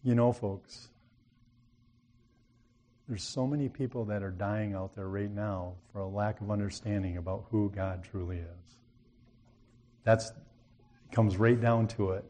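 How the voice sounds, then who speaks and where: Earnest low-voiced preacher with a mellow tone. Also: male voice, steady tone, unhurried, pauses often. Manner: earnest, folksy, builds to emphatic appeals. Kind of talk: sermon with storytelling.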